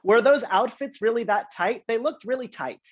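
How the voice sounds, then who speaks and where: A man hosting an entertainment interview, playful and excitable, teasing his guests. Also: very high voice, moderate pace. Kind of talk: casual interview chat. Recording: muffled lo-fi sound.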